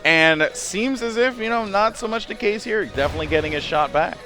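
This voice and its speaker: A man's voice: sits high, lively intonation, fairly quick, bright, forceful tone. A man casting a competitive shooter match, chatting and joking between plays with his co-caster. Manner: chatty, jokey, quotes players in put-on voices. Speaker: esports caster. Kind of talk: play-by-play commentary. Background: game gunfire and faint music.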